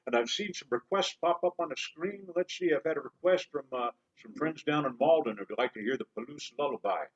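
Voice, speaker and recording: A man's voice: a little high, animated, brisk. A man from the Pacific Northwest of the United States, a folk singer telling joking stories between songs on a live stream. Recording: dull lo-fi stream with guitar. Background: acoustic guitar.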